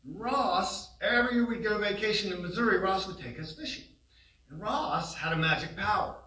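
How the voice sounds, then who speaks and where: A man telling humorous family stories in a eulogy at a funeral home, animated and laughing along, recorded from a distance. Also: sits high, normal speed. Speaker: son giving a eulogy. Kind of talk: humorous memorial storytelling. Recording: roomy, distant hall sound.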